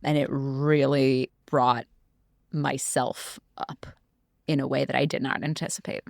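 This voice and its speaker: Low-voiced woman telling a story. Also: measured pace, gravelly, no room sound, clean studio sound. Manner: animated storytelling. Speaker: guest. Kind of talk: casual conversation.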